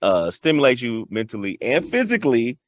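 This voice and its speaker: A Southern man hosting a loose talk show, his pitch swinging all over as he teases and breaks into laughs. The sound is close and dry, with no room in it. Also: brisk, no room sound. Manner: teasing, laughs often, lively swings in pitch. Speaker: host. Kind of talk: casual chat.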